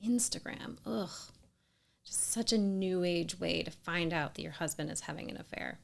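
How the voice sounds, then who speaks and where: Earnest woman with vocal fry. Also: fairly low pitch, steady tone, normal speed. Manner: earnest, emphatic, with soft whispered asides. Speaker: storyteller sharing a personal experience. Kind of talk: scripted personal narration.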